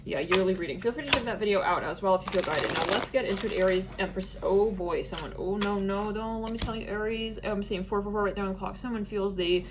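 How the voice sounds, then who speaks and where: A woman's voice: medium pitch, a little fast, background noise. A woman giving a casual tarot reading, chatty and musing, often breaking into laughter. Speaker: tarot reader.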